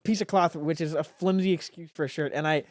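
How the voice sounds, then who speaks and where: A man's voice: fairly high pitch, steady tone, quick pace, dry recording. A teenage man, a podcast guest, telling a rambling story in casual chat with plenty of filler words. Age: teens.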